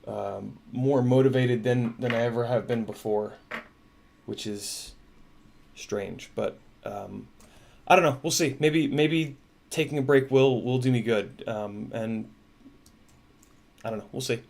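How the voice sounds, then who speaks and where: A man hosting a casual livestream, talking in a halting, emotional way with many restarts. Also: medium pitch, creaky, a little mellow. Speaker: livestream host.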